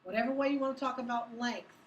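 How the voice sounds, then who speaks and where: A woman's voice: fairly high pitch, fast, highs cut off, slight background noise. A woman teaching math to a class, upbeat and teasing, asking students questions as she works through problems. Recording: echoey classroom from far off.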